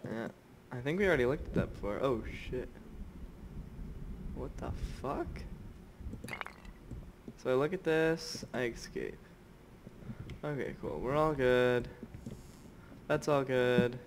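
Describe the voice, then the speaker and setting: A man's voice: medium pitch, expressive, slow, pauses often, background noise. A young man commentating a horror game playthrough, who swears constantly, gets startled easily and drops to whispers when scared. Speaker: gamer. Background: game music.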